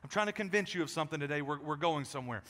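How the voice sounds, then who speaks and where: Bright, high-voiced pastor in an echoey hall. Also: male voice, racing. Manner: animated, joking with the congregation and acting out quotes; often repeats words as he restarts. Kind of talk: sermon. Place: large church.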